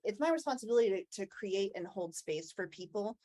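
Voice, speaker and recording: A woman's voice: medium pitch, lively intonation, a little fast, warm tone. A woman co-hosting a podcast, speaking in an open, reflective and chatty way in casual conversation. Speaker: podcast co-host, agile coach. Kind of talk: casual chat.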